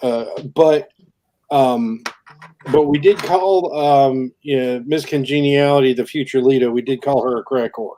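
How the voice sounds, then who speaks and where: A man with a mellow, dark-toned voice chats casually. He stops and restarts often, padding his sentences with fillers as he searches for words. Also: medium pitch. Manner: halting, many fillers and restarts. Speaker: podcast co-host. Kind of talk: casual chat.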